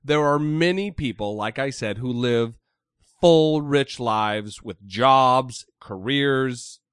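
A man's voice: mid-range voice, takes it slowly, a bit bright, clean tone, dry recording, studio quality. A man co-hosting a casual podcast, blunt and opinionated, swearing freely and firing off heated rhetorical questions. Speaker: podcast co-host.

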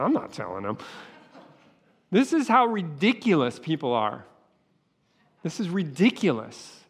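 A man's voice: a little high, very animated, a little slow. A man preaching a sermon with passion, acting out voices as he goes. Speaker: pastor. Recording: long hall reverb.

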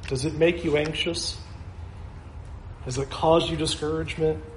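A man's voice: a little high, little pitch movement, moderate pace, reverberant, a little hiss or hum. A man preaching a sermon as pastor, earnest and repetitive, asking his listeners question after question.

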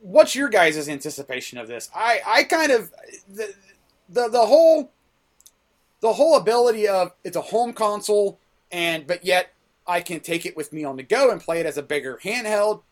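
A man's voice: high voice, sing-song, moderate pace. A man hosting a casual gaming podcast, often stumbling and restarting his sentences as he talks.

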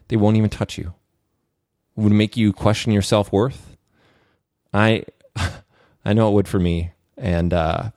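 A man with a slightly low voice hosts his own podcast, speaking candidly and reflectively in a confessional monologue. His earnest delivery is full of "uh" fillers. The sound is dry and close, with no room echo. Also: darkish tone. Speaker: podcast host.

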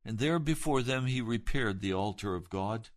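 A man preaching a sermon, retelling scripture with dramatic emphasis and swelling loud at the high points. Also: lively intonation, moderate pace, no room sound.

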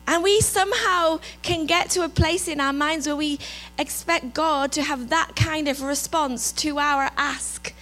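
A woman with an English accent giving a reflective sermon, softening her voice as she lists God's gifts. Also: sits high, slight background noise, poor audio. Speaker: preacher.

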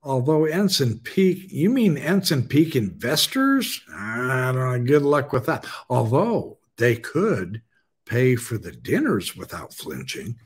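A man's voice: medium pitch, big pitch swings, slow, husky. A man hosting a live-streamed podcast, chatting casually and joking with his guest. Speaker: podcast host.

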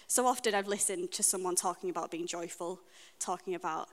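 A woman with a British accent giving a sermon in a church, speaking in an earnest, personal and reflective way with frequent pauses. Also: lowish voice, steady tone. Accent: British English. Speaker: preacher. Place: church hall. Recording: long reverb of a church hall.

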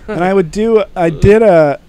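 A man's voice: high voice, mellow, smooth. A man guesting on a podcast, telling rambling anecdotes in casual chat. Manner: rambling anecdotes, drawn-out delivery.

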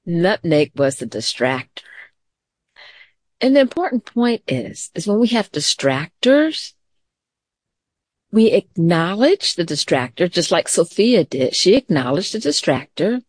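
A middle-aged woman teacher giving a gentle, calm mindfulness lesson to children, mixing story time with questions to the class. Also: lowish voice, unhurried, no echo, studio quality.

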